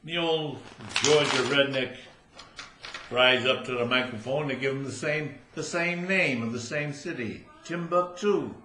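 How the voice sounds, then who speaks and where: Brief: older male joke teller, bright voice, roomy room with faint noise. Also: mid-range voice, measured pace. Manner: storytelling, laughing at own punchlines. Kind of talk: live joke telling. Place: room at a social club after bridge.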